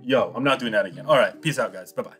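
A man's voice: mid-range voice, fast, a bit bright, faint music behind. A young man giving casual, cocky commentary on his online game, teasing his opponent and laughing often. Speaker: gaming YouTuber.

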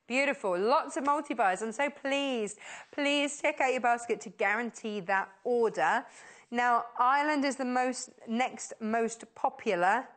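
A woman presenting on a shopping channel, giving a live on-air sales pitch in a gushing, enthusiastic way that keeps repeating words of praise. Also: a little slow, a bit bright. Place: TV studio.

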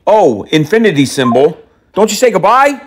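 A man making a prank phone call, rambling on with absurd lists in a deadpan, playful way. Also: high voice, moderate pace. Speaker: prank caller.

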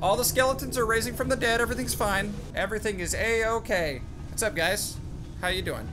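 A young man giving jokey, excited commentary as he plays a game, chatting to his companion and yelping at scares. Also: high voice, a little fast, over music. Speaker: gaming YouTuber. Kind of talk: excited let's-play commentary.

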